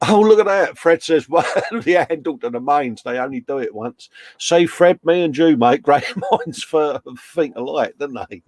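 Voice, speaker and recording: A man with a slightly high voice co-hosts a casual live stream, unhurried and chummy as he jokes around and reads chat comments aloud. The recording is dry.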